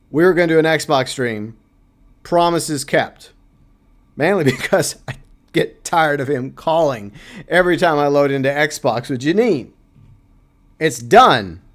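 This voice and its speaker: A man hosting a casual livestream, chatting loosely and reading out viewer comments. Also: a little high. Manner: chatty, reads chat aloud, playful asides. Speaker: livestream host.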